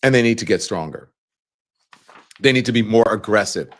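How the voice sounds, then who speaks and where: Animated male talk show host. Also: lowish voice, moderate pace. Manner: animated, mocking, acts out quoted voices. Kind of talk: casual opinion talk to viewers.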